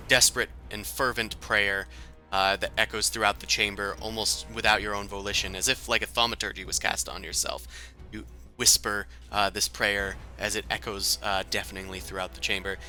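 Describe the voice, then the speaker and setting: A man narrating a tabletop role-playing game as game master, describing scenes in detail with frequent filler pauses. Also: lowish voice, pushed and bright.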